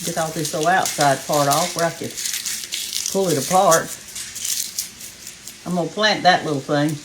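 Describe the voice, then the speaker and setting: A woman's voice: deep voice, moderate pace, background noise. Southern woman, cooking show host, folksy and chatty, slightly winded, faint sizzle in the kitchen behind her. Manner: folksy and chatty, talks straight to viewers as "y'all". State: a little out of breath. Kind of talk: casual cooking demonstration. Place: home kitchen. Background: faint frying sizzle.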